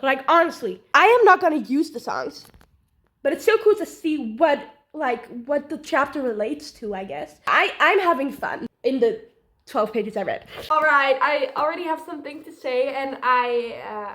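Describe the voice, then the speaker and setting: A woman's voice: sits high, fairly bright tone. A young woman chatting casually in a reading vlog, talking to the camera with lots of "like" fillers. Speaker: book vlogger.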